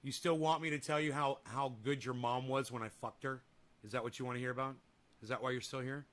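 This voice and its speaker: A man's voice: mid-range voice, steady tone, fairly quick, a bit bright. A man hosting a casual livestream, reading viewer comments and trash-talking in a crude, taunting way. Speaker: livestream host.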